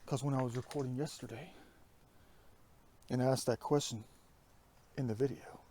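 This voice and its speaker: Hushed, half-whispering man outdoors. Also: medium pitch, fairly even intonation, moderate pace, slightly rough. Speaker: vlogger. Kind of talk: musing outdoor vlog. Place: outdoors on a foggy hillside. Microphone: iPhone with plugged-in headset.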